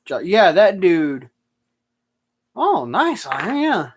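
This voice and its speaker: Sarcastic chatty man, slightly high voice. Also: big pitch swings, slow pace, slight background noise. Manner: sarcastic, rambling storyteller. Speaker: streamer answering viewer questions. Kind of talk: casual live-stream chat.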